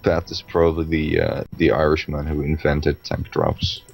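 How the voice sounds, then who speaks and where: A young man with a very deep, gravelly voice trades teasing, profane banter while casting a video game match. Faint game music plays behind him. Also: level tone, moderate pace. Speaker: esports commentator. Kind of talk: casual game commentary.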